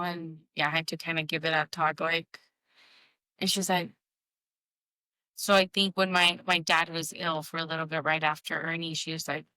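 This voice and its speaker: A woman in her thirties co-hosting a casual podcast, talking haltingly with many restarts and fillers. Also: on the low side, level tone, pushed and bright, no room sound, rough recording. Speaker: podcast co-host. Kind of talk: casual heartfelt conversation.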